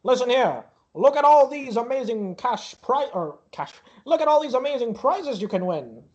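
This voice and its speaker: A man playing a loud cheery carnival barker. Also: very high-pitched, animated, normal speed, lo-fi sound, voice pushed up. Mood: hyping.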